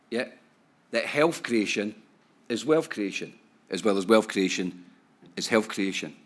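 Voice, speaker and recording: A Scottish man speaking at a conference, chatty and playful, forever checking in with the room with a "right?" or "yeah?". His voice sits at an ordinary middle pitch for a man, and he keeps his talk relaxed and easygoing. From Scotland. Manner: chatty and joking, full of tag questions. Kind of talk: conference talk to a live audience. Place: conference hall.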